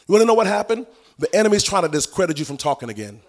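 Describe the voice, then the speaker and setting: Animated preacher man, sing-song cadence. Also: high voice, racing. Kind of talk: sermon.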